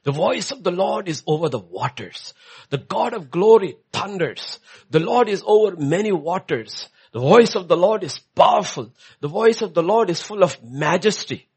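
Husky animated preacher man. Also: high voice, normal speed. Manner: swings from hushed to loud emphatic. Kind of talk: sermon.

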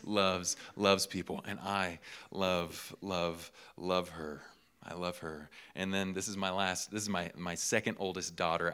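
A young man in his twenties delivers a sermon to college students, his voice bright and a touch forceful, sitting a little low. He talks in an animated way, laughs often, and repeats words for emphasis. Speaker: pastor.

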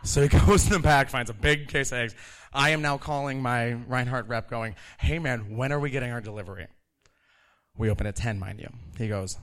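A man in his thirties telling a live story about working in a kitchen, animated and laughing, acting out the people he quotes. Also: mid-range voice, moderate pace.

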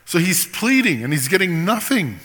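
Guy preaching a sermon, bright clear voice, long hall echo, gets fired up sometimes. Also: sits high, sing-song, moderate pace. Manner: earnest, rises to impassioned pleading at times. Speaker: pastor.

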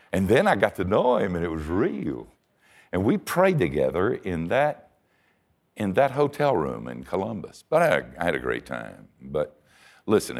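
A man preaching a sermon, telling stories in an animated way, dropping to a hush and rising to a shout. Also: medium pitch, creaky. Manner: animated storyteller, swinging from hushed to shouting.

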